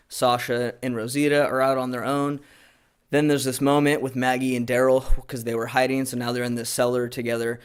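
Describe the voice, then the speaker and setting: A young man talks through a TV episode in a relaxed, rambling way, leaning on fillers as he goes. His voice sits in a middling range for a man. It comes across as an easygoing home review. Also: mid-range voice. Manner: laid-back, rambling with fillers. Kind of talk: casual recap and review.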